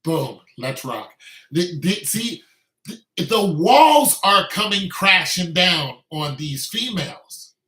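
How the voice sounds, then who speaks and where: Male commentator, emphatic repetitive ranter, bright pushed voice, echoey recording. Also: sits high, animated, takes it slowly. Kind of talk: opinionated monologue.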